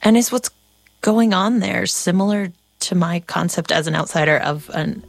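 Curious low-voiced woman host. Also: moderate pace, creaky, no echo. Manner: curious, attentive. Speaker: host and narrator. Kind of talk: scripted narration and interview questions.

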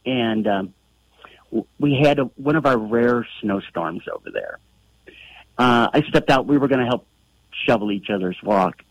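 A man's voice: medium pitch, lively intonation, measured pace, no room sound, highs cut off. A man from the United States calling a radio show, telling a friendly story about a neighbor. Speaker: caller. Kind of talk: call-in radio chat.

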